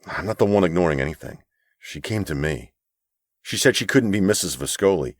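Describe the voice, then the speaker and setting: A man's voice: low voice, lively intonation, brisk, no room sound. A male narrator voicing a young wealthy businessman, heartbroken and bitter, speaking strained and clipped. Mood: defensive.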